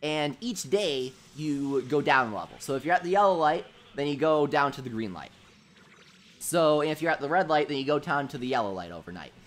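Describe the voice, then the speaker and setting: A young man hosting a casual gaming livestream. He tells childhood stories in an animated way, says "dude" a lot and laughs at his own jokes. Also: a little high, brisk. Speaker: livestream host.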